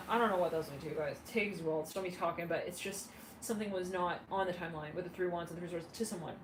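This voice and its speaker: A woman's voice: lowish voice, very fast. A woman giving a casual, channeled tarot reading in a chatty, giggly way, with frequent asides. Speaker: tarot reader. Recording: roomy, distant mic with background noise.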